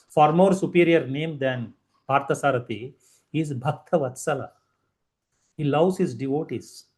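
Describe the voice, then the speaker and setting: A man giving a devotional discourse, telling stories in an animated way. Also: medium pitch. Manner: animated storytelling with Indian English phrasing. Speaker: spiritual teacher.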